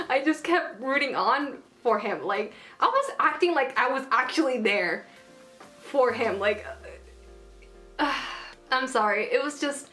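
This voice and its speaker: A woman's voice: a little high, expressive, unhurried, bright, forceful tone, soft background music. Gushing young-sounding woman reviewer. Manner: gushing and emotional, lots of "like" and "oh my goodness". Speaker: anime reviewer. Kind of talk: casual vlog review.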